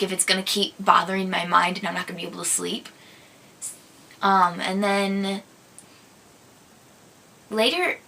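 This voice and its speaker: Giggling and hesitating with plenty of ums, a young Minnesotan vlogger chats casually while fielding questions from viewers. She speaks in a fairly high, gravelly voice that comes across bright and forceful.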